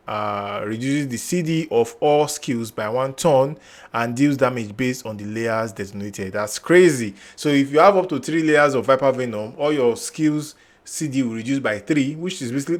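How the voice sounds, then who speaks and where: A young man hosting a game guide channel, thinking aloud as he reads through new character skills and restarts his lines. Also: medium pitch. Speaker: gaming channel host. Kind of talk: casual game guide commentary.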